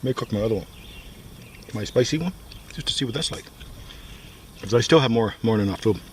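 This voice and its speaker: A man's voice: fairly low pitch, brisk. Rambling man at a woodland campsite. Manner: rambling, repeats himself, relaxed chatty. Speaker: outdoor vlogger. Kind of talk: casual solo camping vlog. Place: campsite in the woods, outdoors. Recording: outdoor recording with steady background noise.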